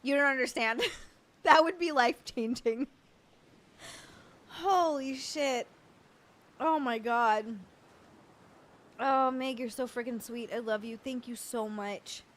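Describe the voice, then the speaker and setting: A woman's voice: high-pitched, slow pace, long pauses, a bit bright. A young adult woman hosting a casual livestream chat, stammering and swearing in happy disbelief as she thanks viewers. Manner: overwhelmed, stammering, laughing and swearing. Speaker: livestream host.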